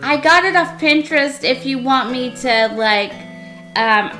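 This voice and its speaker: A woman's voice: sits high, animated, a little slow, pushed and bright, soft background music. A woman live-streaming a cozy game, chatting casually and asking her viewers for their opinions, giddy and proud.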